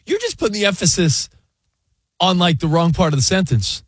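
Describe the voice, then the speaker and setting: Male sports radio co-host, teasing and playful, high lively voice, dry mic. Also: a little fast, no room sound. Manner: playful, teasing, laughs often. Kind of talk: casual sports talk.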